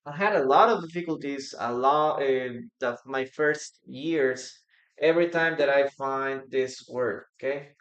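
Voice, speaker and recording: Slow-spoken teacher. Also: mid-range voice. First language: Spanish. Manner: repeats words slowly for pronunciation, reads out chat. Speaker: English teacher. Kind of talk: live-streamed English lesson. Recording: roomy echo.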